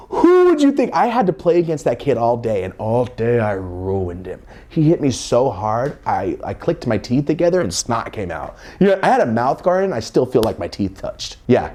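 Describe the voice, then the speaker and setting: Young man, comic storyteller, lively swooping pitch, loud bursts, muttered asides. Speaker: comedic storyteller. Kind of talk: casual story time to camera.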